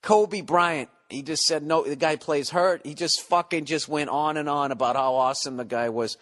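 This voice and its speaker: A man's voice: fairly high pitch, fairly even intonation, fairly quick, fairly bright tone. A man in his forties hosting a podcast, ranting casually with lots of profanity and rambling restarts. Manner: profane, rambling, mock-exasperated. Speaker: podcast host. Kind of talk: casual comedic rant.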